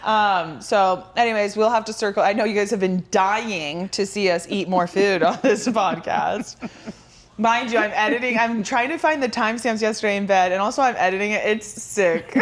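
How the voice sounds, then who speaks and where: A woman's voice: fairly high pitch, normal speed. A young woman co-hosting a casual podcast, chatty and joking, often breaking into laughter. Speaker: podcast co-host. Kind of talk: casual chat.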